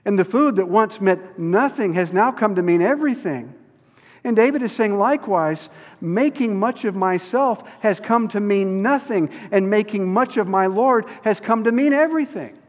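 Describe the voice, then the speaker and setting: A man preaching a sermon as a pastor, earnest and slowing down on key words. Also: sits high, expressive. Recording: dull recording with long hall reverb.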